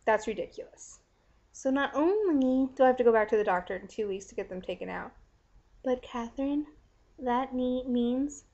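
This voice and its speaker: A chatty young woman with a slightly high voice, talking frankly to a friend on camera between giggles and fillers. Her voice comes through dull, lo-fi webcam audio. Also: darkish tone. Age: young adult. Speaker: vlogger. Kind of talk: casual video letter to a friend.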